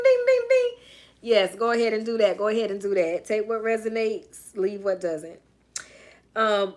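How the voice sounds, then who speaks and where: A woman's voice: mid-range voice, a bit bright. A woman with a Southern US accent, a life coach reading a book aloud on a live stream and chatting with viewers. She greets them by name and breaks into playful sing-song asides.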